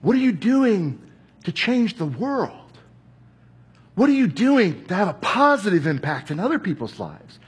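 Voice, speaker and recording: A man's voice: high voice, sing-song, measured pace, husky, voice pushed up, exaggerated voice. A man preaching who quotes a stern elderly woman mentor, in his own voice with a blunt, scolding manner.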